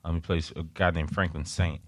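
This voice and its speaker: A male podcast host with a very deep voice jokes around and wanders off on tangents. The recording sounds close and dry, with no room echo. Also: fairly even intonation, fairly quick. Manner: playful, rambling, goes off on tangents. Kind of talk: casual chat.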